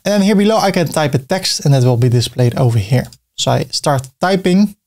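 A man explaining a website builder step by step in a screen-recorded tutorial, thinking aloud as he clicks, with a few filler pauses. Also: on the high side, lively intonation, darkish tone. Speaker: web design tutor.

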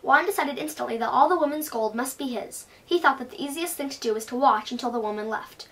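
Expressive woman reading a storybook aloud. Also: high voice, quick pace. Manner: expressive read-aloud delivery. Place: bookstore reading. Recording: voice from a distance.

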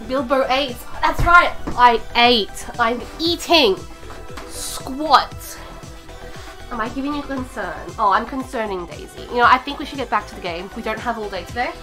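Brief: woman live-streamer, slightly high voice, chatty and easily distracted, faint music under. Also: moderate pace, bright, forceful tone. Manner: chatty, easily distracted, rambling with fillers and restarts. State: out of breath. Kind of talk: casual live-stream chat.

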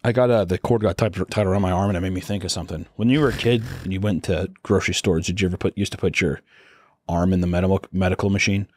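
A man's voice: low voice, fairly even intonation, quick pace, a little mellow, dry recording, studio quality. A young man co-hosting a podcast, chatting casually and acting out the voices of people in his stories. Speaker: podcast co-host. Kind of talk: casual comedic chat.

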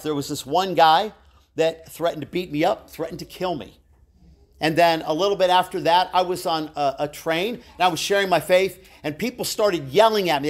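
A middle-aged man teaching a live church Bible class, telling personal stories in a chatty, self-deprecating way with asides to his listeners. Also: on the high side.

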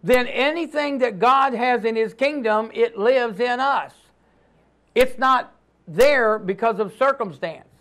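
High-voiced man preaching emphatically. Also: takes it slowly. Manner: emphatic preaching, swinging between loud declarations and hushed lines; calls on the congregation to repeat after him. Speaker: pastor. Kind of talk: sermon.

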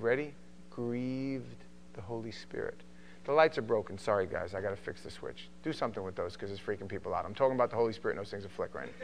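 A middle-aged man from New York with a New York accent, teaching a Bible study in a joking, animated way. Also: mid-range voice, a little hiss or hum. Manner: joking, animated, does mocking voices. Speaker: pastor.

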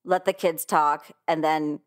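A woman's voice: deep voice, steady tone, a little slow. A woman in her forties co-hosting a podcast in casual chat, expressively acting out conversations she retells. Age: 40s. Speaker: podcast co-host.

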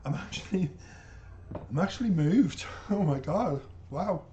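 A man's voice: high-pitched, unhurried, highs cut off, noisy background. A man giving casual, emotional reaction commentary to a music video, exclamatory and repeating himself as he talks to his viewers.

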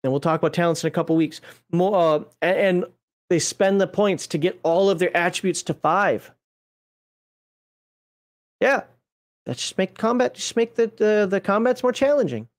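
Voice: medium pitch, expressive, normal speed. A game master talks through a game's rules in an easygoing livestream chat. The delivery wanders, doubles back to fix details and drops offhand jokes along the way. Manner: rambling, self-correcting, conversational; folksy, jokey asides. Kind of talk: casual livestream rules walkthrough.

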